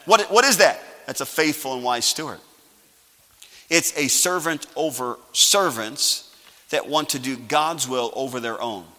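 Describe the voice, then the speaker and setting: Man, pastor, sermon, bright forceful voice, long church reverb, call-and-response. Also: mid-range voice, measured pace. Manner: swings from quiet to loud emphasis. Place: church sanctuary.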